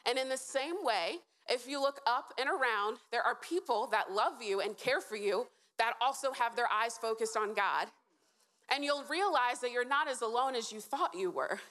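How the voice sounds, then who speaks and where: A woman's voice: on the high side, lively intonation, normal speed, fairly bright tone. A woman giving a short, earnest sermon to a live audience, asking them questions and encouraging them. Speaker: speaker at a church event.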